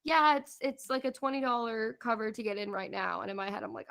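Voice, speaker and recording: A woman's voice: fairly high pitch, brisk, gravelly, fairly bright tone. Chatty young woman telling a travel story. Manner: chatty, laughs often, acts out quotes. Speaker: podcast co-host. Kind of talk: casual chat, storytelling about a trip.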